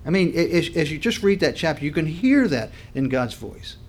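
A man preaching a sermon, swelling his voice on key points, then dropping it low, and clearing his throat now and then. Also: very animated, normal speed. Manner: dynamic preaching, voice swells and drops with emphasis. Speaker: pastor.

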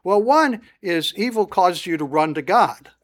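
A man's voice: high-pitched, animated, measured pace. A man teaching through a psalm in a conversational sermon, stopping often with "uh" and lifting his voice when reading verses aloud. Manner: conversational, frequent "uh" fillers, rising emphasis on scripture. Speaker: Bible teacher.

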